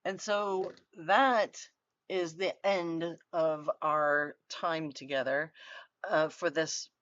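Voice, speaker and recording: A woman's voice: low voice, fairly even intonation, takes it slowly, a bit bright, dry recording. A woman giving a university lecture in an earnest, conversational way, often restarting her phrases. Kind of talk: recorded online lecture. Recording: dry, dull lo-fi recording.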